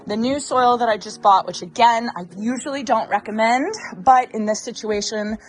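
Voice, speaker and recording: A woman's voice: on the high side, moderate pace. A woman hosting a casual gardening vlog outdoors, chatty and a little out of breath from digging. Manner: chatty, thinks aloud with fillers. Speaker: gardening channel host.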